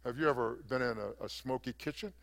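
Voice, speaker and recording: An older male pastor preaching a sermon in a gravelly voice. He builds to loud, emphatic peaks and then drops back into a quieter, conversational tone. His delivery is full of fillers and restarts. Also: medium pitch, fast talker.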